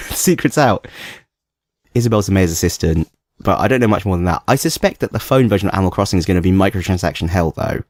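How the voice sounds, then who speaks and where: A man with a London accent co-hosting a podcast in casual chat, animated and quick to laugh. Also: low voice, no room sound, clean studio sound. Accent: London English. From London, England. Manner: animated, laughs often, acts out voices. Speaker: podcast co-host.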